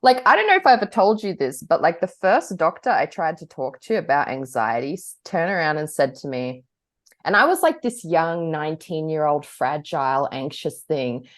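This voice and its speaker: Female co-host, low voice, candid rambling chat with frequent laughs. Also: very animated, moderate pace. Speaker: podcast co-host. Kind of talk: casual chat.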